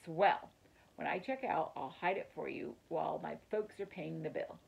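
A woman reading a kind young boy from a children's storybook. He speaks gently and in a friendly way. The voice is low, husky and gravelly. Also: normal speed, lo-fi sound, full character voice. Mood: warm.

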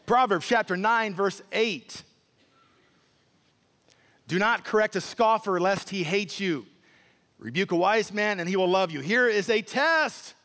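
Male pastor, high-pitched, emphatic preacher who repeats words and acts out voices, long hall reverb. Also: measured pace, pauses often, a bit bright. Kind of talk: sermon.

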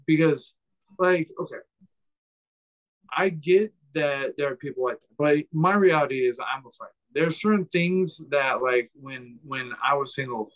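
A man who is a fighter, a guest on a casual podcast, who talks slowly and searches for his words. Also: medium pitch, a bit bright, poor audio.

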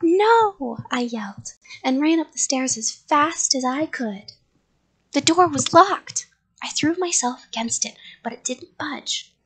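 A woman reading a spooky storybook aloud, hushed and often slipping into whispers, pausing to ask her listeners whether to go on. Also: sits high, poor audio. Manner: chats with listeners between parts.

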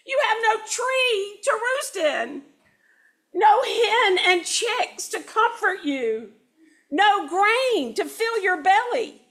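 Brief: woman playing a gruff, exasperated storybook mayor, pitch swinging widely. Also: expressive, slow pace, a bit bright, exaggerated voice. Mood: pleading. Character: grumpy, threatening male village mayor. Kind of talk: storybook read-aloud.

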